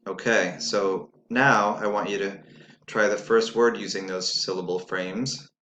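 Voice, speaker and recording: A man's voice: fairly low pitch, steady tone, a little slow, sharp tone, slight background noise. A man teaching a spelling lesson, dictating sounds and words patiently and spelling letters out one by one. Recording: echoey room.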